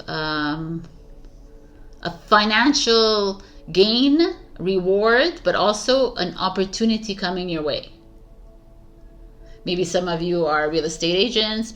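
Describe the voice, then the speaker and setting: A woman's voice: mid-range voice, fairly bright tone. A woman giving a casual, rambling tarot reading straight to her viewers, enthusiastic and full of restarts. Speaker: tarot reader.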